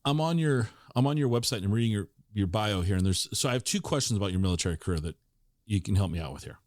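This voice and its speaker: A man's voice: lowish voice, expressive, fast, a little mellow, no echo. Host: man, curious, rambling questioner, dry recording. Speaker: podcast host. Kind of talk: casual interview chat.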